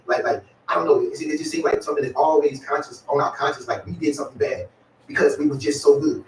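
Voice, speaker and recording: A man's voice: a little high, big pitch swings, racing, roomy sound, far from the mic, slight background noise, poor audio. A man, talking casually to his viewers in a rambling way, full of "y'all" and "you know what I'm saying.". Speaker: vlogger.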